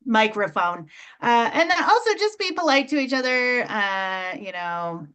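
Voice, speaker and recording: A woman hosting an online comedy show, doing a deadpan stand-up set full of fillers and restarts. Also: fairly high pitch, unhurried, clean tone. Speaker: comedy host. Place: video call.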